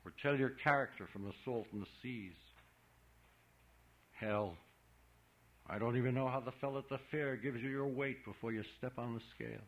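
A man's voice: medium pitch, moderate pace, pauses often, natural voice. A man reading an audiobook, voicing a big, blustering small-town man who scolds a boy in folksy, ungrammatical talk. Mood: hectoring. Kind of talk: audiobook character voice. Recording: dull lo-fi recording.

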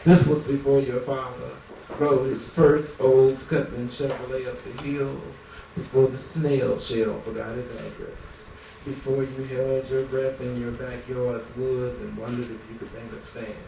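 A man reciting a poem in a slow, incantatory way that sinks to a hush. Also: medium pitch, level tone, creaky, a little hiss or hum. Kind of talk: incantatory poetry reading over music. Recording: echoey, dull and distant, with music.

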